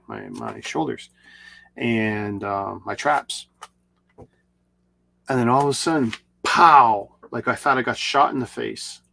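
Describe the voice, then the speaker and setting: A man's voice: medium pitch, vocal fry. A middle-aged man casually telling a long, rambling personal story with restarts and repeats. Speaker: video creator.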